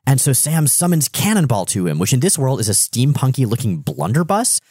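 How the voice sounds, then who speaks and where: Male podcast host, lively pitch, wry and chatty, dry close mic. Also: brisk, husky, dry recording. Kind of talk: casual comic-book chat.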